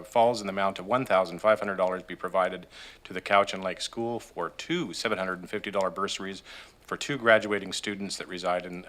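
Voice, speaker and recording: Bright-voiced man reading meeting motions. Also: deep voice. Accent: Canadian English. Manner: steady formal reading with occasional fillers. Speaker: staff member presenting agenda items. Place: council chamber.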